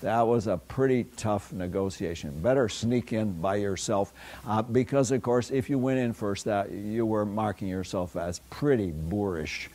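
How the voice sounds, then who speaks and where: An older man lectures a university class, a somewhat low voice. He rambles through anecdotes, stopping often for fillers and starting sentences over. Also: moderate pace, a little mellow. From United States. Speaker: philosophy lecturer. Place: lecture hall.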